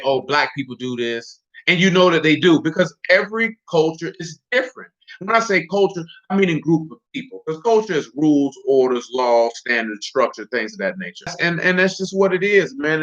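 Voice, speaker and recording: Animated preacher man, lo-fi sound. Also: a little high. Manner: animated, jokey asides and rhetorical questions. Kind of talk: casual street-talk sermon. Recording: dull lo-fi recording.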